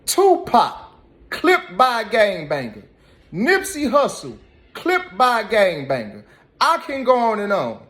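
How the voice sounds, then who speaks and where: A man's voice: high voice, huge pitch swings, slow, a bit bright. A man giving reaction commentary, scolding and emphatic, repeating his points. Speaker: commentary host.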